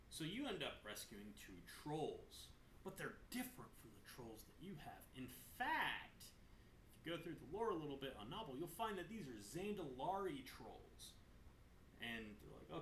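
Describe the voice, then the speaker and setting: A man hosting a gaming lore video who recaps the story in a casual way. He is animated, swears, and wanders off on tangents. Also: on the high side, moderate pace. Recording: roomy echo, faint room noise.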